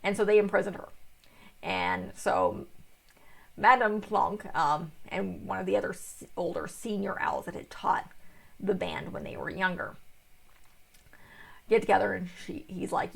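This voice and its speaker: A young woman reviewing a book in a rambling, casual way, sounding tired and yawning, with a gravelly, husky voice. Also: medium pitch, animated, a little slow, long pauses. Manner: rambling, full of fillers and restarts.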